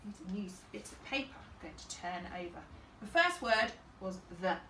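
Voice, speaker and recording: A woman teacher takes young children through a phonics lesson, sounding out every phoneme and thinking aloud as she goes. Her voice is bright and very lively in pitch. It is captured from some distance in a roomy space with a faint hum behind it. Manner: slow and deliberate, sounding out each phoneme, talking herself through it. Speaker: infant school teacher.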